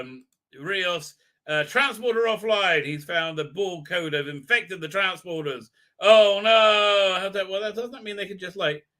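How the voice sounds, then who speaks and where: Bright-voiced man rambling through a recap. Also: on the high side. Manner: rambling, filler-heavy, irreverent. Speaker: show host. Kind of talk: live stream episode recap.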